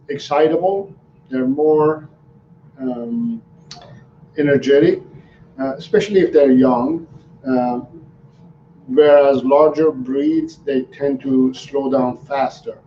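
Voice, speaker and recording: A man, a dog trainer, answering viewers' questions on a live stream in an unhurried, halting way with many ums and restarts. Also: fairly high pitch. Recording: roomy, distant, dull sound with faint noise.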